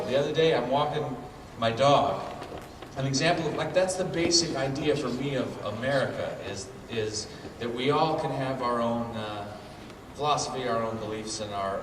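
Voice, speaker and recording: Convention guest, male, telling stories in a profane and animated way, echoey hall, mic far off. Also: mid-range voice, normal speed, noisy background. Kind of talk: comic storytelling. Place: convention panel room.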